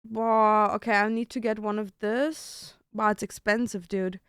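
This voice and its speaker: A woman's voice: mid-range voice, fairly even intonation, a little slow, a bit bright, clean tone, no room sound, clean studio sound. A young woman streamer chatting casually with her viewers, thinking aloud and swearing now and then as she picks food to order.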